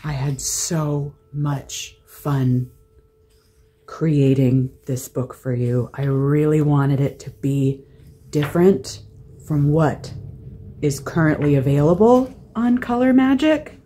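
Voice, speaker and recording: A woman art vlogger chatting softly and warmly, gushing and often laughing. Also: low voice, slow, slightly rough. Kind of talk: casual vlog chat and voice-over narration.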